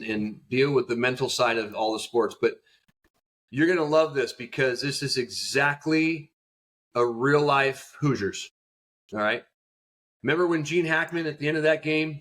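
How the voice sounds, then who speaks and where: A man, a youth baseball coach, answering as a podcast guest in an animated storytelling way, acting out quotes. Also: medium pitch.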